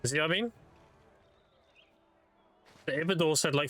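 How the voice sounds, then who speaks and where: A young man streaming a game, casually telling dark lore with plenty of swearing and loose, rambling phrasing. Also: a little high, a little fast, pauses often. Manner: profane, laid-back lore explainer. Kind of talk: casual storytelling while gaming.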